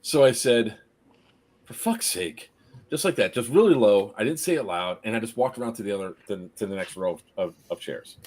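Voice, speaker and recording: A man casually telling a long story on a podcast as its host, animated and often laughing. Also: on the low side, quick pace, hardly any pauses. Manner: animated anecdote teller, laughs through his story.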